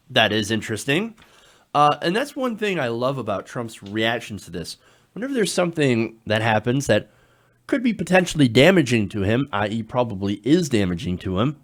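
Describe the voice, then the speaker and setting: A man hosting casual political commentary, reading tweets aloud with a sarcastic tone and frequent chuckles. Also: fairly high pitch. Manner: sarcastic, chuckling often, lively delivery.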